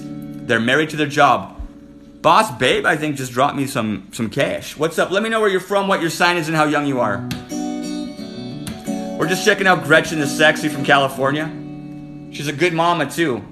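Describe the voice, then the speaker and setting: Clear guitar music sits behind this man's slightly high voice as he hosts a live stream from his phone. His casual chat with viewers is flirty, teasing, and delivered as rapid-fire remarks.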